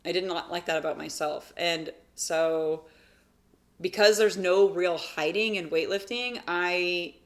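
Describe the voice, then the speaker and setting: A woman in her thirties co-hosting a wellness podcast, talking in an earnest, reflective way and getting animated when she acts out her own thoughts. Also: deep voice. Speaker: podcast co-host, physical therapist. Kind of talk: casual chat.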